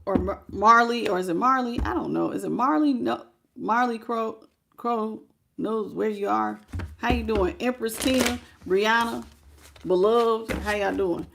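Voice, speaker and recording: A woman's voice: on the high side, measured pace, creaky, a bit bright. A woman giving a casual tarot reading, talking bluntly and colloquially and chatting with her viewers. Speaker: tarot reader.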